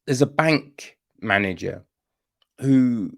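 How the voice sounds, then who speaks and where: A man's voice: mid-range voice, animated, slow, gravelly, dry recording, studio quality. A man giving a casual film review on a podcast, exasperated, and ending his points with "right?". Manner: exasperated, repeats "right?" often.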